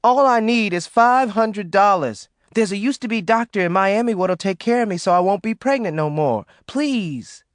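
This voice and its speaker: A man's voice: high voice, lively intonation, moderate pace, hardly any pauses, no room sound, pitched above the performer's own voice. A frightened pregnant young woman, voiced by a male audiobook reader. She pleads tearfully in a raised, lifting voice. The recording is dry and close. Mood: pleading. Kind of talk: audiobook character voice.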